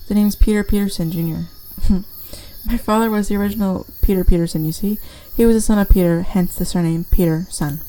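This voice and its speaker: A chatty, folksy old man who has been stuck up a tree for years rambles on in a mellow, warm voice while spinning odd tales. A woman reads the part aloud during a game playthrough, in close to her own voice. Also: medium pitch, steady tone, a little fast, hardly any pauses, natural voice, low-quality recording. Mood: rambling. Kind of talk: reading game dialogue aloud.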